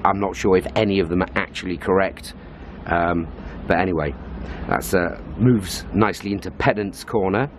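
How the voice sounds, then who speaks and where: A man's voice: sits low, normal speed, a little hiss or hum. A British man talking casually to camera in a travel vlog, explaining things in a chatty way with lots of "uh" fillers. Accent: British English. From Britain. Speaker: travel vlogger. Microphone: handheld compact camera.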